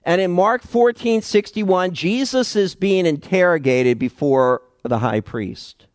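Slow, emphatic male preacher. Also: high voice, no echo. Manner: slow, emphatic Bible exposition with dramatic pauses. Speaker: pastor. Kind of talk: sermon.

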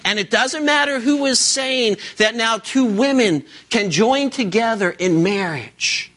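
A man's voice: very high-pitched, animated, measured pace, fairly bright tone. A man preaching a sermon to a congregation in church, emphatic and full of rhetorical questions. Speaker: pastor. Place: church service before a congregation.

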